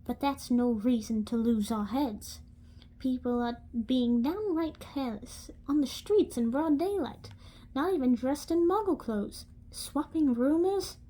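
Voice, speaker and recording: A woman's voice: sits high, a little slow, mellow. A woman voicing a stern, irritable older woman professor with an attempted accent.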